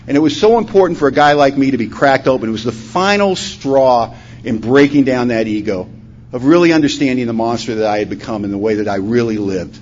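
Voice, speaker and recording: In a conference hall, a man from Washington state, USA, shares his recovery testimony at a brisk pace in a mid-range voice. He performs the dialogue, moving from loud outbursts to hushed moments. The lo-fi recording sounds dull and carries a faint hum.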